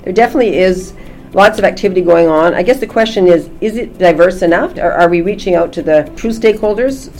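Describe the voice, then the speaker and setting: A woman's voice: on the low side, darkish tone, rough recording. A middle-aged woman, a family physician, answering interview questions thoughtfully with frequent restarts and fillers. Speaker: family physician and college president.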